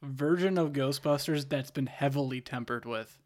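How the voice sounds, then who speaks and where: A man's voice: medium pitch, normal speed. A young man, a son co-hosting a family chat, talking enthusiastically and laughing easily. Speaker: co-host, son.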